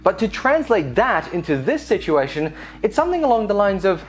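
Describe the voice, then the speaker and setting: A woman's voice: mid-range voice, sing-song, brisk, soft background music. A woman hosting a scripted tech and telecom news show, with sarcastic, playful asides.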